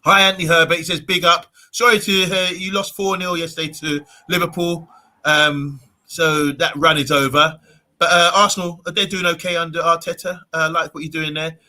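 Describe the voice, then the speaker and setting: A man's voice: fairly high pitch, level tone, moderate pace, bright, forceful tone. A man hosting a live fan stream, playfully bossy as he reads out viewer comments. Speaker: host of a live fan show. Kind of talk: casual live-stream chat.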